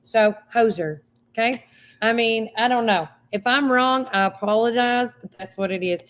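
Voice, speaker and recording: A bubbly, excitable woman with a Southern accent, co-hosting a local live show. She chats freely and easily, like a seasoned radio voice. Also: a little high, moderate pace, dull audio. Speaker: co-host, former radio presenter. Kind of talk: casual chat.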